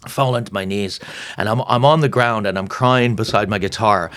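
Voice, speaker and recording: A middle-aged comedian telling a story in a shouty, excitable way, tripping over his words. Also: lowish voice, a little fast. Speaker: guest comedian. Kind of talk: animated storytelling.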